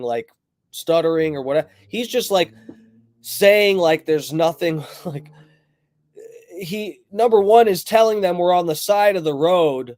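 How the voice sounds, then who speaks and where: A man hosting a livestream, telling a story in a rambling, profane, animated way and greeting viewers in chat as he goes. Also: on the high side, no echo. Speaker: livestream host.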